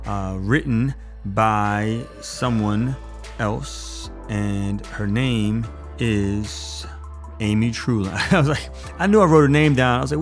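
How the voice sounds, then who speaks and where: A man, a priest hosting his podcast, who chats casually with loose asides and then recites prayers slowly and reverently. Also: fairly low pitch, creaky, soft background music. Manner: casual, chatty, rambling asides. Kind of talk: podcast talk and prayer reading.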